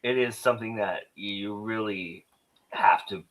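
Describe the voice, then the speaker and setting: A man's voice: on the low side, unhurried, fairly bright tone, poor audio. A man co-hosting a podcast, playful and laughing easily, stumbling over his words as he talks films. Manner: playful, laughs often, stammers. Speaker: podcast co-host. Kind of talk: casual film review chat.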